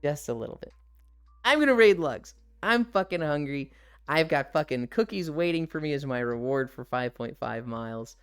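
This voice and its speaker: A man's voice: on the high side, expressive, moderate pace, a bit bright, smooth, soft background music. A man chatting candidly on a live stream, swearing freely and laughing often. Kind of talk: casual live-stream chat.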